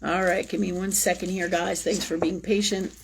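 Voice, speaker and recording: A woman's voice: on the low side, level tone, normal speed, noisy background. A woman hosting a spiritual livestream, talking through a personal story in an intense, emotional way, swearing freely and repeating phrases for emphasis. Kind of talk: personal confessional monologue.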